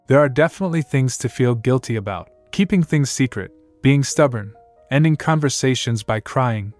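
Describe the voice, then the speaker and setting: Steady male recap narrator, dry. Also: mid-range voice, normal speed, dry recording, soft background music. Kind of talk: scripted story narration.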